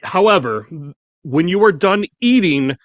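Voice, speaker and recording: A man's voice: sits high, expressive, measured pace, no room sound. A man on a podcast panel, grumbling through his complaints. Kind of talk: roundtable chat.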